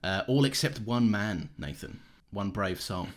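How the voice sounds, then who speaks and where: Male podcast co-host, casual episode chat, joking, lively up-and-down pitch. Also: unhurried. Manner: joking, giggly, animated asides.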